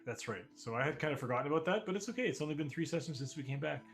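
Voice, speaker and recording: A man running a tabletop game as game master, narrating scenes in an unhurried, descriptive way. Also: a little high, lively intonation, gravelly, faint music behind.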